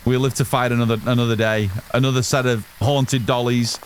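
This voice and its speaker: A loud, excitable man, chatting casually with his live-stream chat while gaming and swearing freely. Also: medium pitch, fairly quick, a little hiss or hum.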